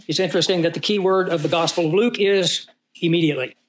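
A man's voice: high-pitched, quick pace. A man teaching a Bible study, who reads scripture aloud and puts questions to his class.

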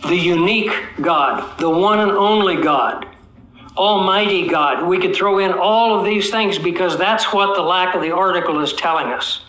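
A man with a high, bright voice preaches an expository sermon in a roomy church hall. He teaches as he goes, putting questions to the congregation and drawing out key words slowly for weight. The room rings with echo around him. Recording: echoey room.

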